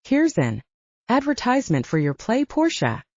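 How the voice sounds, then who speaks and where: A woman's voice: lowish voice, sing-song, moderate pace, mellow, no room sound, lo-fi sound. A woman reading a dry, thoughtful young woman.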